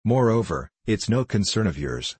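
A man reading an audiobook, voicing a sullen middle-aged shopkeeper who mumbles in a husky, sulky way. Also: fairly low pitch, very animated, moderate pace, a little mellow, dry recording.

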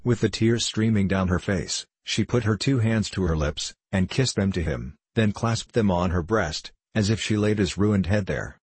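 A man with a deep, husky voice reads a classic novel aloud with measured, solemn pacing. The recording is close and dry, with no room sound. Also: a little mellow, dry recording. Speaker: audiobook narrator. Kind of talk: scripted narration.

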